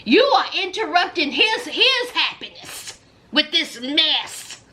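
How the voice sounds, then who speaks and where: A woman's voice: high voice, big pitch swings, takes it slowly, bright, forceful tone. A woman animatedly recapping reality show drama in a casual, storytelling way.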